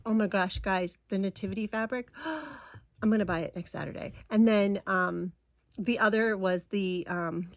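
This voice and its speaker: A woman's voice: medium pitch, dry recording, studio quality. A middle-aged woman from New England chatting casually as she shows off fabric and projects, gushing and rambling with asides. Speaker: stitching vlogger. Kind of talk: casual show-and-tell chat.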